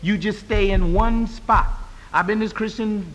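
Мужчина читает проповедь в церкви, голос яркий и напористый, с долгим эхом зала. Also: male voice, fairly even intonation, a little slow. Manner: call-and-response preaching, swells from low talk to loud high cries. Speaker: pastor. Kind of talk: sermon. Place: church. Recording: long reverb of a church hall.

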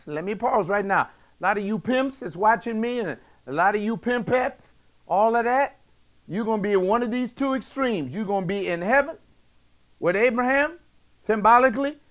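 A man preaching a sermon, emphatic and slangy, swinging between loud bursts and hushed asides. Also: high voice.

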